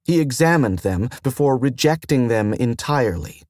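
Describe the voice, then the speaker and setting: A man narrating a science fiction audiobook in a measured, even reading. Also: mid-range voice, no room sound, studio quality. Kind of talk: scripted narration.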